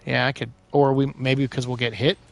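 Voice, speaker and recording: A man giving casual let's-play commentary, exclaiming loudly as he plays. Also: mid-range voice, moderate pace, vocal fry, no room sound. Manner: excitable, loud bursts of exclaiming while playing. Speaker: gaming streamer.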